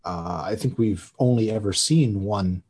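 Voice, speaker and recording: A man's voice: fairly low pitch, measured pace, darkish tone, breathy edge. A man guesting on a podcast in casual chat, easygoing and agreeable.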